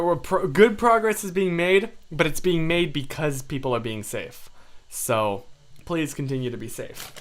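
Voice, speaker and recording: A man's voice: on the high side, a bit bright. A young man hosting a livestream, chatting casually with viewers in a rambling, self-deprecating way. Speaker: livestream host.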